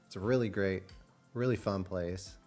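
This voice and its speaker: A man's voice: low-pitched, a little slow, soft background music. A young man from Texas, a streamer casually telling a story and acting out the people in it with big voice jumps. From Texas, USA. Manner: animated, acts out quotes with big voice jumps.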